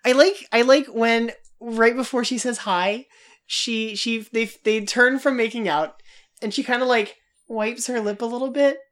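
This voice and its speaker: A woman's voice: fairly high pitch, steady tone, unhurried. A woman co-hosting a casual film discussion, talking animatedly, acting out quoted lines and laughing often. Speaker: podcast co-host.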